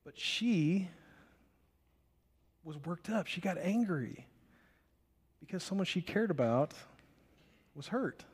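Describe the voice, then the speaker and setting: A young man preaching a sermon, telling biblical stories in an animated way and acting out the characters. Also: sits high, takes it slowly, long pauses, slightly rough. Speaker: pastor. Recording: long reverb of a large hall.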